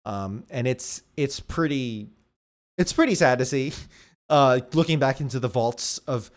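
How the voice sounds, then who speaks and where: A man with a mid-range voice co-hosts a casual movie podcast. He is relaxed and jokey, laughing easily and tossing in "dude" as he riffs. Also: mid-range voice, unhurried. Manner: laid-back, laughs easily, says dude. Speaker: podcast co-host. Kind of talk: casual movie review chat.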